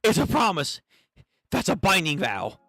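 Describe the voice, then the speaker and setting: A man reading the lines of a devoted, bloodthirsty young woman about to marry, in a flat, plain read. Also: high voice, unhurried, dry recording, soft background music, pitched above the performer's own voice, exaggerated voice. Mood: deadpan.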